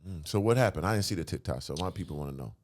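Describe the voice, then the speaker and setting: Man, podcast host, very low voice, quick pace, short affirming interjections. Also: lively intonation, darkish tone. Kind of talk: casual interview chat.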